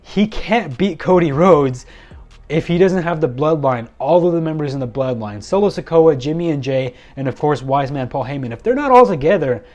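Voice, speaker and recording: A man's voice: on the high side, expressive, moderate pace, a little mellow, soft background music. A man giving a loose, rambling solo recap of a wrestling episode from his notes, with many fillers and self-corrections. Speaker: wrestling show reviewer.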